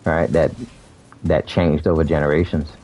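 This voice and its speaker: A man's voice: very deep voice, little pitch movement, moderate pace, darkish tone, slight background noise. A young man from South Florida chatting casually while streaming a game, laid-back, laughing often and calling people bro. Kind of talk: casual chat while gaming.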